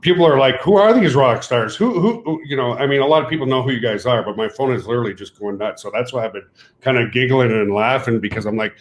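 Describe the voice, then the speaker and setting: A middle-aged French Canadian man, a native French speaker, hosting a video call with a rambling, animated sales pitch that keeps breaking into laughter. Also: fast. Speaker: company CEO hosting a call.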